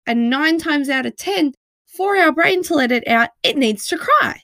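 Bright-voiced woman podcaster, chatty and reassuring. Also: sits high, lively intonation, moderate pace, no room sound. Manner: chatty and reassuring, many "like" fillers, laughs often. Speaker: podcast host. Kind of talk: casual supportive self-help talk.

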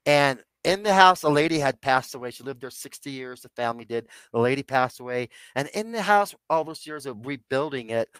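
A man's voice: medium pitch, animated, fairly quick, hardly any pauses, a bit bright, clean tone, dry recording. A man in his sixties, a podcast guest, telling a personal story in a rambling way and calling his listeners "guys". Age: 60s.

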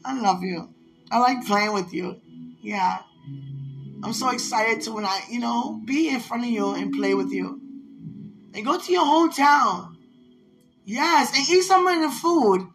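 A woman's voice: fairly high pitch, lively intonation, measured pace, pauses often, poor audio. A woman in casual talk to the camera, gushing and giggling as she rambles, with her voice swinging up and down. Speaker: vlogger addressing a loved one. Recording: music bed under the voice. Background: music playing.

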